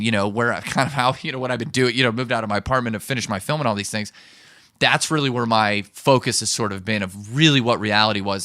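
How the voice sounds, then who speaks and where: Fast, bright-voiced storytelling man. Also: medium pitch, no echo, studio quality. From Pittsburgh, USA. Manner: rambling, animated storyteller who swears freely. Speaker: podcast guest, producer and comedian. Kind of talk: casual interview chat.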